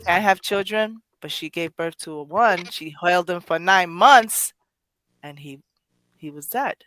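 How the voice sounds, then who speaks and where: A woman's voice: on the low side, expressive, measured pace, a bit bright. A woman hosting a poetry podcast, speaking emotionally in casual chat, rambling with many restarts and self-corrections. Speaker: poetry show host.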